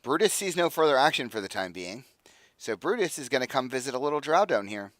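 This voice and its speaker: A man's voice: mid-range voice, very animated, fast, a bit bright, no room sound. A man narrating as dungeon master of a tabletop game, talking loosely with many fillers.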